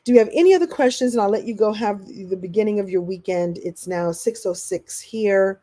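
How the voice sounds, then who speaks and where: Speaking a little fast in a warm, mellow mid-range voice, a talkative woman coach leads a live online class. She's lively and laughs often, responding conversationally to viewers' questions as they come in.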